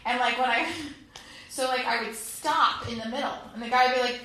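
A woman's voice: on the high side, steady tone, moderate pace, pushed and bright. A woman performing a chatty, self-deprecating stand-up set on a club stage, acting out quotes with laughs. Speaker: stand-up comedian. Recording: echoey club room.

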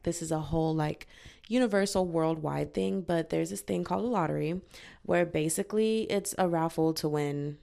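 A young woman from the United States chatting casually to her listeners, telling a story in an animated, slangy way with loud asides. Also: on the low side, gravelly. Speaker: vlogger.

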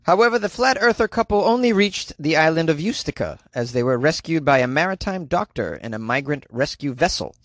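A man hosting comedic news commentary with a slightly raised pitch and a chatty, wry delivery full of joking asides. The recording is dry and close, with no room sound. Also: expressive, fairly quick, hardly any pauses, fairly bright tone, dry recording. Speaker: host.

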